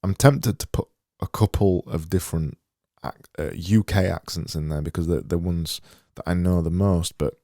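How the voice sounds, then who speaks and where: A man's voice: low-pitched, fairly even intonation, normal speed, warm tone, no room sound, studio quality. A man and graphic designer talking through his work as he goes, thinking aloud in a muttering, self-deprecating way. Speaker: graphic designer making visuals. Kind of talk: casual screen-recorded work commentary.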